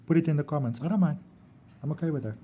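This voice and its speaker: A man's voice: fairly high pitch, racing, dark tone, breathy edge. A man, giving a casual tarot reading on his channel in a chatty, rambling, affectionate way. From South Africa. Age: early 40s. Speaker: tarot reader.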